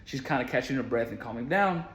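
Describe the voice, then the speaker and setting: Speaking fast with a fairly bright, animated tone, a medium-pitched man who works in school support shares a personal anecdote. He's earnest and chatty, leaning on casual fillers, and the recording carries a roomy echo.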